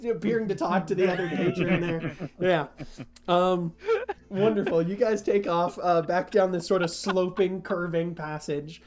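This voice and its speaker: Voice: medium pitch, steady tone, moderate pace. A game master narrating a tabletop game, rambling with frequent restarts and laughter. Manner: rambling, many fillers and restarts, laughs often.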